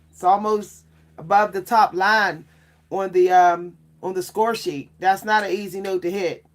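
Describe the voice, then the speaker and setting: A woman's voice: mid-range voice, steady tone, a little slow. Chatty woman vlogger saying "y'all". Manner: chatty, keeps saying "y'all", laughs often. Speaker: vlogger and French horn player. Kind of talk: casual livestream chat.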